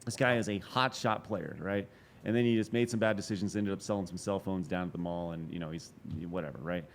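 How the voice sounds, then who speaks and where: A man in his forties telling a long story as a podcast guest, animated and profane, with quick asides and restarts. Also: low-pitched, slight background noise. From Texas. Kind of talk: casual storytelling interview.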